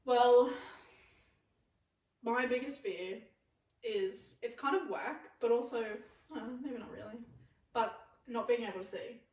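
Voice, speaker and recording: A young woman co-hosting a casual podcast, talking in quick chatty bursts. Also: fairly high pitch, a little mellow. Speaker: podcast co-host. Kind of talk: casual chat. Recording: echoey room, far from mic.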